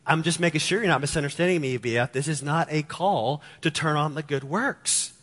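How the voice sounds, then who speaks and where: A man's voice: on the high side, fairly quick, fairly bright tone. A man from Texas with a Texan accent, preaching a sermon and repeating key lines with emphasis. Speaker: pastor. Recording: long hall reverb.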